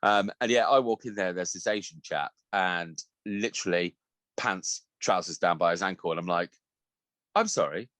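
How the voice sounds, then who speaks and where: A man's voice: low-pitched, normal speed, fairly bright tone, dry recording. A man, a podcast co-host who tells stories animatedly, laughs a lot and swears freely. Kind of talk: casual podcast chat.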